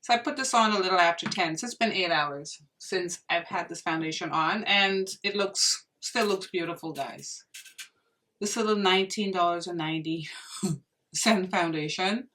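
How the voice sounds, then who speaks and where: A woman's voice: fairly low pitch, moderate pace, sharp tone, recorded from a distance. A young woman reviewing makeup in a casual vlog, gushing and exclaiming to her viewers as if they were friends. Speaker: beauty vlogger.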